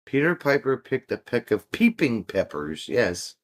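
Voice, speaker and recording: A man hosts a relaxed livestream chat and takes his time over each thought. He is playful and jokey and laughs a lot as he reacts to his viewers. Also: mid-range voice, unhurried.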